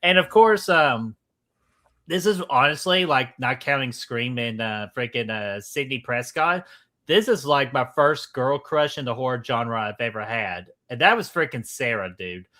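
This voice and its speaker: Male co-host, loose rambling enthusiast, bright tense tone, casual stream chat. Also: medium pitch, animated, unhurried. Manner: rambling, enthusiastic, says "freaking" a lot. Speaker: podcast co-host. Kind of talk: casual livestream movie chat.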